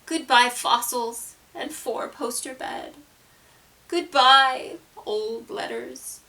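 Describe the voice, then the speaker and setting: A woman's voice: sits high, takes it slowly, sharp tone, distant mic, voice pushed up, full character voice, poor audio. A woman voicing a determined, dramatic young girl who declaims grand quotations and cries out defiantly, in a storybook. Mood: tearful.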